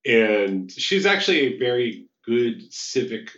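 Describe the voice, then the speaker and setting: Man, podcast host, animated storyteller, echoey room, muffled sound. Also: mid-range voice, slow. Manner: animated storytelling, frequent "like" and restarts. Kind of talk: casual conversational chat.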